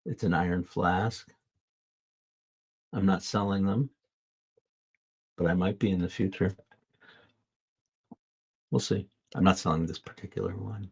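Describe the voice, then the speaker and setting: An earnest man hosts a motivational podcast. He reflects slowly and then drifts into loose asides. His voice is very low. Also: fairly even intonation, vocal fry, a little mellow, slightly rough. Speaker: host.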